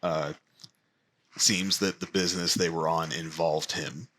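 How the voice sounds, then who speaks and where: A man narrating as the game master of a tabletop game, slow and halting with lots of fillers. His voice is low-pitched but bright and forceful. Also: steady tone.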